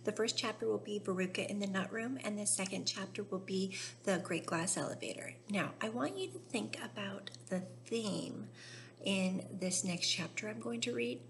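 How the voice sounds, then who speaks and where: A woman's voice: mid-range voice, normal speed, slight background noise. Woman teacher reading aloud to kids. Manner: gentle, addressing children directly.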